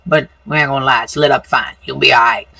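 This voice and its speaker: A woman voicing a gruff old cowboy man who runs a shooting contest and talks in a folksy, blunt drawl. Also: rumbling low, steady tone, quick pace, bright, forceful tone, dry recording, distant mic, pitched below the performer's own voice, heavily acted.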